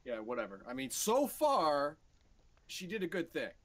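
A man co-hosting a podcast in casual chat. He is quick to argue back and joke. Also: a little high, huge pitch swings, a bit bright.

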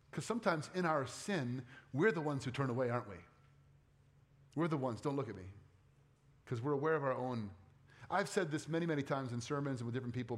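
Delivering his sermon in a conversational style, a middle-aged pastor with a medium-pitched voice often poses questions to the congregation.

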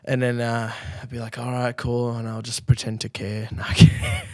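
Podcast co-host, blunt crude man, mid-pitched voice, dry close sound. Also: normal speed, no room sound. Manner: blunt, crude, frequent restarts. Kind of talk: casual chat. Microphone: remote call mic.

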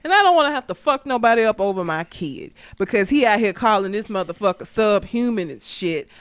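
A middle-aged woman with a Southern US accent, a co-host chatting casually with animated, profane reactions. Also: mid-range voice, brisk, smooth, no room sound. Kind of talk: casual chat.

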